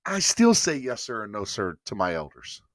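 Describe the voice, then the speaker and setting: A man in his thirties from rural North Carolina, hosting a casual sports podcast and telling stories with animated emphasis. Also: on the low side, normal speed, dry recording, studio quality. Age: 30s.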